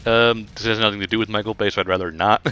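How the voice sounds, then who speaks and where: Dry sarcastic man, bright low voice. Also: steady tone, quick pace, clean tone. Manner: dry, sarcastic one-liners. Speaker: gameplay co-host. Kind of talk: casual let's-play chat. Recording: faint music behind.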